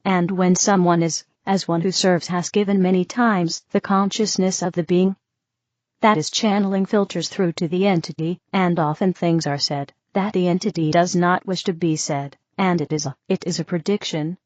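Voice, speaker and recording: A woman's voice: lowish voice, fairly even intonation, moderate pace, darkish tone, no room sound, close to an everyday voice. A woman voicing a serene, reassuring female spirit teacher who keeps saying "you see", in a dull, dry recording. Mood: soothing.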